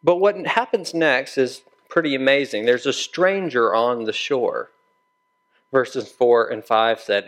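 A man's voice: medium pitch, expressive, unhurried. A man preaching a sermon in a conversational storytelling way, acting out the dialogue of the people in his story. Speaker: pastor.

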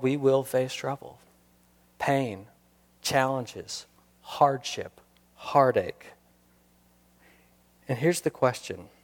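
A man preaches in an earnest, searching way, putting questions to his listeners and repeating his main points. His voice sits at an ordinary middle pitch. It rings out with the long reverb of a church sanctuary. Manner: earnest, rhetorical questions, repeats key lines for emphasis. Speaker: pastor. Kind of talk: sermon.

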